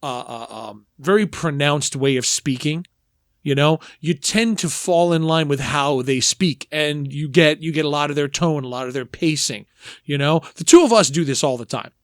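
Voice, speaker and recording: Male podcast co-host, slightly high-pitched, animated and digressive, dry studio sound. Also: moderate pace, no room sound. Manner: animated, rambling, emphatic with restarts. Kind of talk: casual film discussion.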